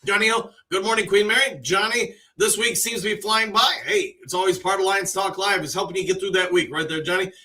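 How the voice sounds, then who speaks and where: A man's voice: high voice, fairly even intonation, fairly quick, hardly any pauses, bright, forceful tone, recorded from a distance. A man hosting a casual live stream, greeting viewers by name and giving his opinions on their comments.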